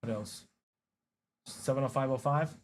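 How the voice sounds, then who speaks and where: A man talking to himself while he trades options, muttering numbers and repeating phrases, then breaking into excited chants. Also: mid-range voice, unhurried. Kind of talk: casual live trading commentary.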